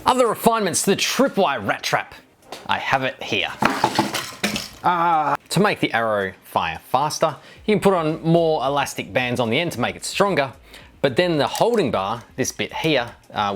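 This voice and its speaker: A man's voice: mid-range voice, a bit bright, slight background noise. A middle-aged man making a casual DIY video, rambling and joking as he reads viewer comments. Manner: rambling and jokey, with wry asides.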